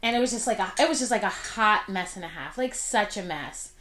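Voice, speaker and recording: Doing her makeup as she talks, a woman vlogger in her twenties shares a personal story in a chatty style, with many fillers and long tangents. Her voice is mid-range, expressive and a bit bright, recorded in an echoey room with slight background noise.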